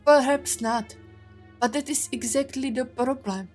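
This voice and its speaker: A woman voicing a stern female mentor who scolds in formal, measured speech. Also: high voice, fairly even intonation, darkish tone. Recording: faint music behind.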